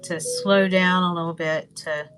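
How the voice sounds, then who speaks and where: Slow-talking Southern woman, chatty and rambling. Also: on the low side, steady tone, rough recording. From Northwest Florida, US. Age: older. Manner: rambling, chatty, trails off with ums. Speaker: craft livestream host. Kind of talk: casual chat while crafting. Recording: music playing behind.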